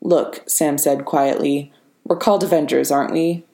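A weary male soldier hero in an audiobook, quiet and wry, as a woman reader puts him on. The voice sits very low and sounds like it was taken in a roomy, echoing space. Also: fairly even intonation, normal speed, creaky. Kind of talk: audiobook character reading. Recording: roomy reverberant room.

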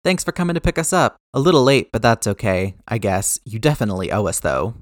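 A cheeky archer, voiced by a man reading an audiobook, shouts teasing complaints at a rapid clip. The sound is dry and close. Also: on the low side, animated, dry recording, close to an everyday voice. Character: chatty, cheeky male archer.

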